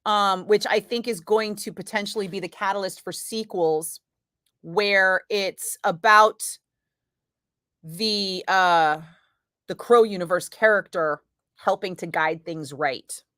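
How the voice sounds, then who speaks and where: A woman's voice: medium pitch, slow, fairly bright tone, dry recording, clean studio sound. A woman radio host from Northern California chatting casually with her live chat, laughing often, swearing freely and rambling through asides. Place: radio studio.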